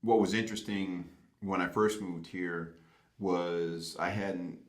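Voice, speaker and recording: A man from Boston with a Boston American accent, recounting anecdotes in a relaxed, pausing way. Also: sits low. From Boston, United States. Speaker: interviewee. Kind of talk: storytelling interview answer. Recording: roomy, echoey room.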